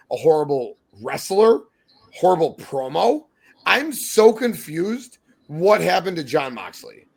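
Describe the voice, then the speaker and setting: A young man co-hosting a podcast, ranting heatedly with profanity and yelling in exasperation. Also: on the high side, vocal fry. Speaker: podcast co-host.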